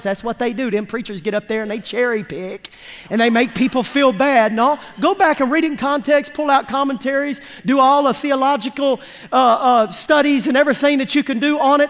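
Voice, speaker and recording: The recording captures a pastor's sermon in a church sanctuary, with the long reverb typical of a large hall. His very high male voice has a fairly bright tone, and he preaches in an emphatic, folksy way that draws responses from the congregation.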